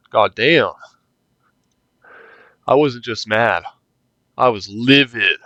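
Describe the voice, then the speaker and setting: A man's voice: mid-range voice, fairly bright tone, no echo, highs cut off. Young man narrating a story game. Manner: casual, swearing, laughing reactions. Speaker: gaming youtuber. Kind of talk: reading a story game aloud with commentary.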